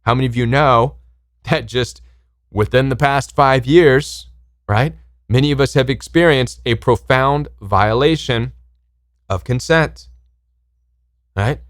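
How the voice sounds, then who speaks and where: A man's voice: medium pitch, takes it slowly, long pauses, no room sound. Guy ranting hard about boundaries to camera, emphatic, mid voice, dry sound. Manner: emphatic, acts out pushy quoted voices. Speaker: self-help channel host. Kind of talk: impassioned monologue to camera.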